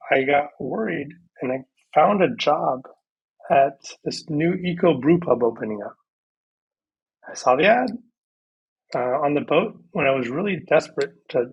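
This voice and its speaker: Husky-voiced man telling his story. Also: a little high, highs cut off. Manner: lively storyteller who acts out conversations. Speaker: podcast guest. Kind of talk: casual storytelling interview.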